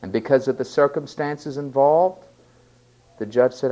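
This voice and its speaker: A man preaching a sermon, stressing key words loudly and then dropping to quiet asides. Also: medium pitch, normal speed. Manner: emphatic, swinging between loud stresses and quiet asides.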